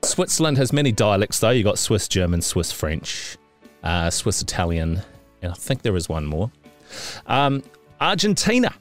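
A man's voice: sing-song, normal speed, faint music behind. A man co-hosting a podcast, talking in a casual, jokey, playful way. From New Zealand. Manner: jokey, playful, bouncing between high and low. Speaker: podcast co-host. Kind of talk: casual chat.

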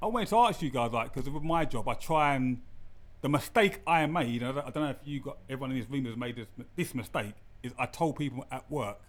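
A man hosting a casual chat, animated and sweary as he asks his guests questions. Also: mid-range voice, a little fast.

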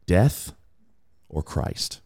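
A man's voice: extremely slow, warm tone. A man co-hosting a casual faith discussion podcast, talking earnestly and often repeating words as he searches for his thoughts. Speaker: podcast co-host.

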